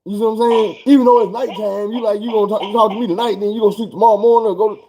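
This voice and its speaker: A man telling a story in a casual vlog, animated and profane. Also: high-pitched, very fast, noisy background.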